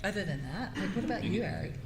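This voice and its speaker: A woman voice actress telling a lively story at a convention panel, laughing often. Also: mid-range voice, fast, reverberant, a crowd in the background.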